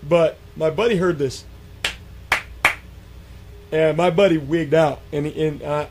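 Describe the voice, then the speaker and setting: Animated storytelling man, slightly high voice. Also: normal speed, slight background noise. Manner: animated, acts out quotes, many fillers and restarts. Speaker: guest telling an encounter story. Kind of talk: casual storytelling on a radio show.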